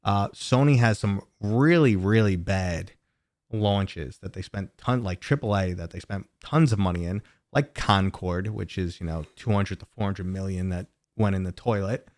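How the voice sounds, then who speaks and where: A man's voice: low voice, moderate pace, a little mellow, no room sound, studio quality. A man in his thirties hosting a casual livestream from home, rambling and chatty as he talks to his viewers. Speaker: gaming livestream host. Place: home streaming room.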